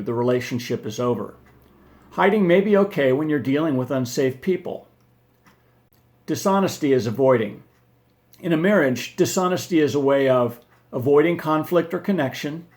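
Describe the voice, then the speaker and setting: A man presenting marriage advice in a scripted talk, giving definitions in a measured, list-like way. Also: fairly high pitch, darkish tone.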